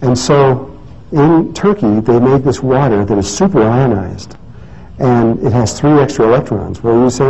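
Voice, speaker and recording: A man's voice: medium pitch, animated, moderate pace, creaky, warm tone. A man telling a story in a casual talk, rambling with many restarts and fillers. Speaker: speaker giving a talk. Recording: dull lo-fi recording with faint noise.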